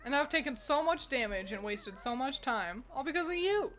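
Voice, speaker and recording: A woman's voice: sits high, lively intonation, normal speed, a bit bright. A young woman streaming at home who chats playfully with her cat while gaming, cursing freely into a desk microphone. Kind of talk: casual gaming commentary.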